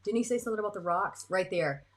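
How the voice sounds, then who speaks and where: A woman's voice: medium pitch, fast. An American woman co-hosting a reaction show, asking puzzled questions and reacting in casual chat. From United States. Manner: asks puzzled questions, reacts with short interjections.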